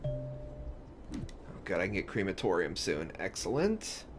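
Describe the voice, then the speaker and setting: A man's voice: mid-range voice, expressive, moderate pace, faint music behind. A man giving casual let's-play commentary, rambling and thinking aloud with restarts as he plays. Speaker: gaming YouTuber.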